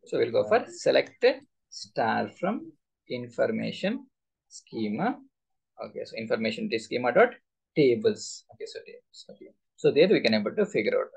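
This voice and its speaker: A man teaches a live class, firing repeated questions at his students. His voice is gravelly and a little husky, with a lively, swooping pitch. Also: moderate pace. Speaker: SQL instructor.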